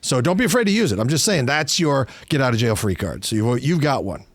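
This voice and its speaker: A man, a comedian guest, giving emphatic advice in an animated, laughing way. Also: mid-range voice, quick pace, no echo. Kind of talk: comedic banter.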